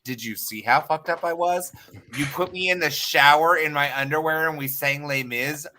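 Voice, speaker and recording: A man in casual podcast chat, animated and exclaiming as he tells a drinking story. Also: fairly high pitch, normal speed, a little hiss or hum. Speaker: podcast co-host.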